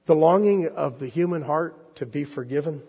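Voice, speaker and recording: A man preaching a sermon and reading a story aloud, earnestly, moving from loud to hushed. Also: fairly high pitch, normal speed, husky, in a large hall.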